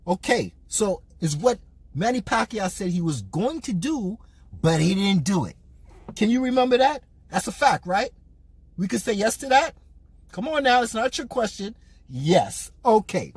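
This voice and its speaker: A boxing vlogger rants animatedly while parking his car, repeating points and firing off rhetorical questions in a casual way. His voice is high-pitched and a little rough, and the recording is dry.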